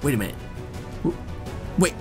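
A young man giving excited gameplay commentary as a YouTube host, exclaiming and talking straight to his viewers. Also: normal speed, music in the background. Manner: hyped, exclamatory, addresses viewers as guys. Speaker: gaming YouTuber.

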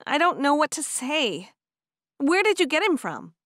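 A woman narrator voicing an eager, chatty young Amish woman who talks high and breathless. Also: big pitch swings, unhurried, a bit bright, no echo, studio quality, heavily acted. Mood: delighted. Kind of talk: audiobook character voice.

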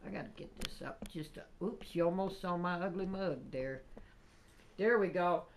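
A woman chatting casually while unboxing craft gifts, gushing and excitable with drawn-out exclamations. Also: on the low side, a little hiss or hum. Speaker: crafting vlogger.

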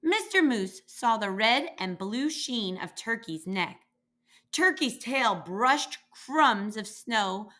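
A woman reading a children's picture book aloud, slowly and expressively, giving the animals their own voices. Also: mid-range voice. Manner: lively character voices, slow and expressive. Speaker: reader.

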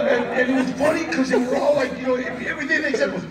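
A man's voice: extremely high pitch, quick pace, hardly any pauses. A man interviewed at a movie premiere, telling stories casually, often laughing and acting out the voices of people he quotes. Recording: roomy, distant mic with crowd noise.

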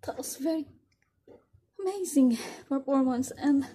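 A young woman hosting a reaction video, gushing emotionally in halting, full of "like"s. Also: high voice, warm tone. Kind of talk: casual reaction commentary.

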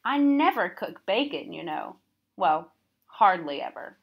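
A woman's voice: lowish voice, very animated, a little slow, lo-fi sound. A woman voicing a kindly, fussing male school cook from a storybook she reads aloud. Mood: hearty.

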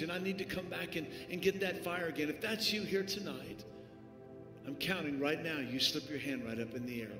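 A man preaching as a pastor, giving an altar call with pleading, repetitive urging that swells at times into shouts. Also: on the high side. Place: church sanctuary with live music. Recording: echoey hall, live stream.

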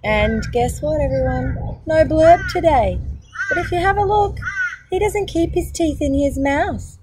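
Slow, animated Australian woman. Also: sits high, background noise. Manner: animated, exclamatory, talks to young listeners. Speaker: storytime host. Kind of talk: reading a picture book aloud with chatty asides.

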